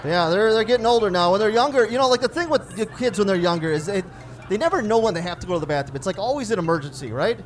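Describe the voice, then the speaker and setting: A stand-up comedian in his forties, his voice high-pitched and animated, moves at a quick pace against slight background noise. His stand-up act is built on self-deprecating stories about his daughters, and he acts out their dialogue.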